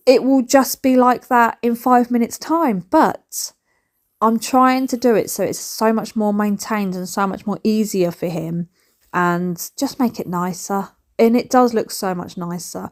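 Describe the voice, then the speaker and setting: Chatty woman tidying a bedroom. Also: mid-range voice. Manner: excitable, rambling, chats while tidying. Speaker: home vlogger and mother. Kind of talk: chatty home vlog. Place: bedroom at home.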